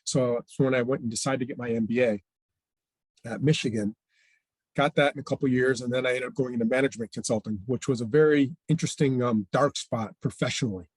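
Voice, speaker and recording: A middle-aged man tells a story in a relaxed, conversational way. His voice sits at an ordinary pitch, and he bounces into the quoted lines of others. The sound is dry and close, with little room around it. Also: fast talker, husky, no echo. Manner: animated, acts out quoted dialogue. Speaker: franchise owner guest. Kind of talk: storytelling interview chat.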